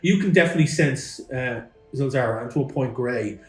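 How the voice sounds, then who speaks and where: A man narrates as game master, describing scenes in a loose, rambling way with plenty of fillers. His voice sits at a middle pitch. The room is echoey and faint music plays underneath. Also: fairly quick.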